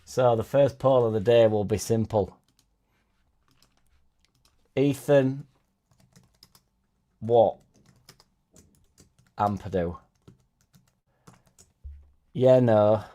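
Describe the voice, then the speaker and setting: Mellow-voiced man chatting on a livestream. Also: lowish voice, drawn-out words, pauses often. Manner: rambling and chatty, reads out viewer comments; self-deprecating asides. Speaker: fan channel host. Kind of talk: casual live-stream chat.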